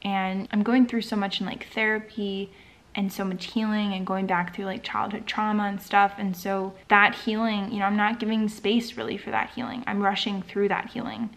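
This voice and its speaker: A woman's voice: mid-range voice, flat delivery, moderate pace, fairly bright tone. A young adult woman talking in a casual personal vlog, candid and reflective, with lots of "like" fillers. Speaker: vlogger and startup founder.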